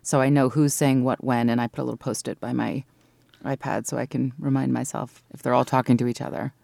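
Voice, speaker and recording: A woman's voice: extremely low pitch, little pitch movement, brisk, gravelly, warm tone, no echo. A woman audiobook narrator talking in an interview, explaining her craft thoughtfully and laughing easily, speaking from her recording booth at a studio mic. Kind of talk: interview conversation. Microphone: studio microphone.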